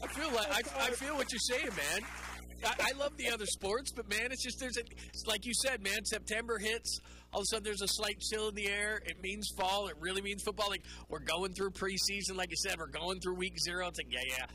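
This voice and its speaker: A sports radio host, a man with a high voice and a bright, forceful tone. He talks in an animated, rambling way and takes calls. He often drops into mocking put-on voices. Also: brisk, rough recording. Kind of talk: call-in sports talk.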